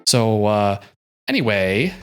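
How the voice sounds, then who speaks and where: A man's voice: lowish voice, very animated, takes it slowly, fairly bright tone. Male reality-TV recapper, sassy and joking, casual delivery, light music bed underneath. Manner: sassy, joking asides with mock voices. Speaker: reaction commentator.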